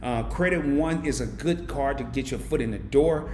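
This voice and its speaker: A man's voice: mid-range voice, normal speed, darkish tone, slight background noise. A man hosting a casual live stream, reading viewer comments aloud and answering them with heartfelt thanks. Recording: echoey room.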